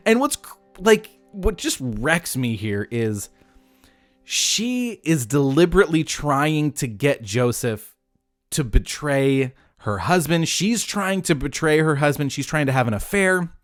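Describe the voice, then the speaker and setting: A man's voice: a little high, no echo, studio quality. A man hosting a podcast, retelling a Bible story in a casual, jokey way and breaking off into asides. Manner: animated, jokey, self-interrupting. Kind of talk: casual retelling with acted voices.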